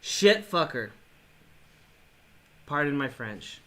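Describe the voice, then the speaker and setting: A man reacting live while playing a mobile game, swearing and yelling in bursts, then muttering apologies and taunting his opponent. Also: mid-range voice, lively intonation, takes it slowly, long pauses. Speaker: gaming vlogger.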